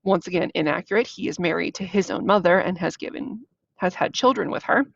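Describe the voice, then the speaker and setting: A woman's voice: fairly low pitch, fairly quick, creaky, dry recording. A woman explaining a play as she reads it aloud, in a casual, slangy, chatty way. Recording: dull, dry lo-fi recording.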